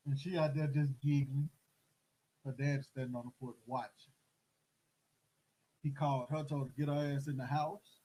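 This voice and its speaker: A middle-aged man telling a story in casual chat, animated and acting out the voices of the people in it. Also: mid-range voice, normal speed, long pauses, low-quality recording. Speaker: host.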